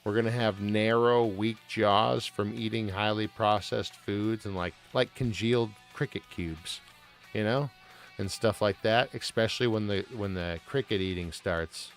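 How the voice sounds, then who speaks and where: A man's voice: lowish voice, fairly even intonation, measured pace. A man streaming live, chatting casually in a rambling, profane, joking way over faint music.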